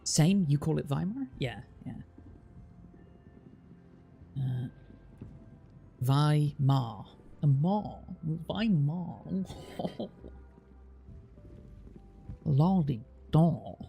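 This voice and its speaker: Gravelly Bristol-accented man chatting. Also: fairly high pitch, animated, extremely slow, pauses often, warm tone, faint music behind. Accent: Bristol West Country. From Bristol, England. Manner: curious, rambling, many restarts and fillers. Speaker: streamer chatting with a guest. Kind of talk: casual livestream chat.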